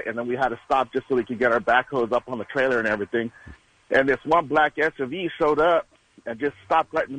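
A man's voice: mid-range voice, fairly bright tone, no room sound, poor audio. Rambling male radio caller. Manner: chatty, rambling storyteller. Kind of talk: telling a story on a phone-in.

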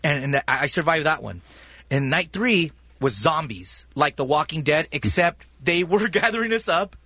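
A man's voice: a little high, lively intonation, normal speed, pushed and bright, slightly rough, dry recording. A man on a radio show telling a rambling story with lots of stumbling restarts. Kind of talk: casual storytelling on air.

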